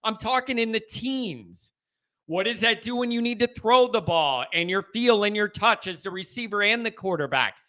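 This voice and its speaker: A man's voice: high-pitched, lively intonation, normal speed, pushed and bright. A man with a Midwest American accent hosting a sports call-in show, chatting casually and getting fired up, repeating himself. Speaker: host of a fan call-in show. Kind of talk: casual chat.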